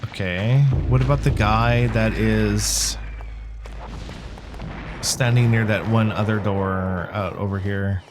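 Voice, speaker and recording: A man's voice: fairly low pitch, fairly even intonation, slow pace, noisy background. A man hosting a horror game let's play, casually reacting and reading in-game text aloud, apologizing for his own slips. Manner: casual, self-deprecating, reacts and apologizes for misreads. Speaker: gaming channel host.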